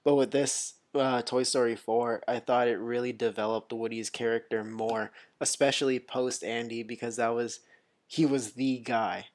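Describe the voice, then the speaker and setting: A man co-hosting a movie podcast, talking in a relaxed, rambling way with lots of fillers. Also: medium pitch, moderate pace. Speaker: podcast co-host. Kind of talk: casual chat.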